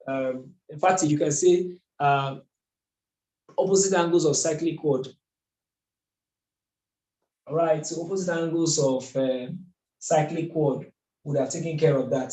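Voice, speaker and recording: A man teaches math at a board, his voice slightly high and mellow. He works methodically and keeps asking rhetorical questions. The recording carries a roomy echo. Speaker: math tutor. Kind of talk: whiteboard lesson. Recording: echoey room.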